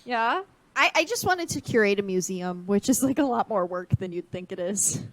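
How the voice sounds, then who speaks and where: A young woman co-hosting a podcast, chatting casually with animated, self-mocking quips. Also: medium pitch, moderate pace, no room sound. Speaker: podcast co-host. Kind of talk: casual chat.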